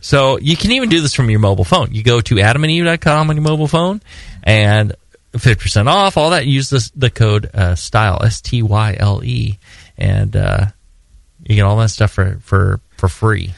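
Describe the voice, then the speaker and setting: A man's voice: fairly low pitch, moderate pace, gravelly, no echo. A man hosting a podcast, reading a sponsor spot in a loose, joking, rambling way. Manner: rambling, joking, repeats himself. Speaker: podcast host. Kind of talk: casual podcast ad read.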